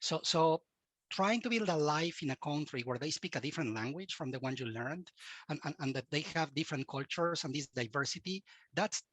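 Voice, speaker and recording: A man's voice: fairly high pitch, expressive, brisk, fairly bright tone, no room sound. A man from Mexico with a Mexican Spanish accent, Spanish his first language, giving earnest advice as a guest in an interview and often repeating words as he restarts. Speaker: guest expert.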